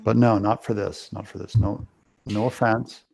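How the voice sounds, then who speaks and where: A man's voice: fairly low pitch, little pitch movement, moderate pace, gravelly, darkish tone, no echo. A man chatting casually on a live stream, joking and rambling with frequent restarts. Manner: joking, rambling, self-interrupting.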